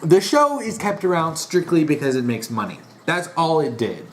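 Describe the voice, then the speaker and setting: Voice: medium pitch, sing-song, moderate pace, slight background noise. A vlogger in a casual monologue, rambling with restarts and sounding exasperated and disappointed. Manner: rambling, frequent restarts and fillers.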